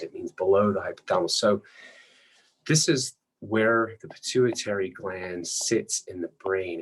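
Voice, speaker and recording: Low-voiced man giving an anatomy lecture. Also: poor audio. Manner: plain, patient explaining with frequent throat clearing. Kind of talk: recorded lecture while drawing.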